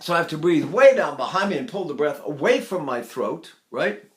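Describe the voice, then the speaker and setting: An older man leads a singing lesson, talking in a slightly high voice. He is enthusiastic and demonstrative, stopping often to sing short staccato vowels and show gasping breaths. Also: expressive, a little fast. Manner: enthusiastic, demonstrative, breaks into sung vowels and gasps. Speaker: voice teacher. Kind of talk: vocal lesson with sung demonstrations.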